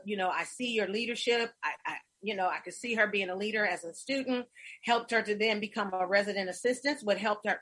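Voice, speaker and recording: Middle-aged woman host, husky bright voice, effusive storyteller, casual chat. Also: medium pitch.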